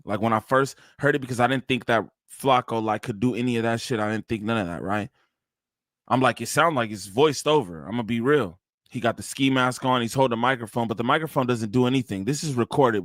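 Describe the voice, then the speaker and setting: Close on a streaming mic, a reaction streamer with a medium-pitched, slightly bright voice swears and talks loosely, erupting in laughter at times. There's no room sound.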